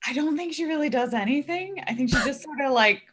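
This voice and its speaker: A woman's voice: high-pitched, animated, fast, a bit bright, a little hiss or hum. A woman playing a tabletop game, casual and a bit hesitant. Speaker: player. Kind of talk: tabletop role-play, casual.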